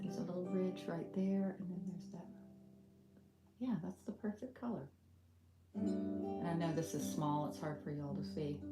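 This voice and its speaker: Chatty Southern woman with a low voice. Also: steady tone, a little slow, pauses often. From Western North Carolina. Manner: chatty, thinking aloud with many ums, soft laughs. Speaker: art instructor. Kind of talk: casual live painting tutorial. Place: home art studio. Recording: roomy studio with guitar music behind.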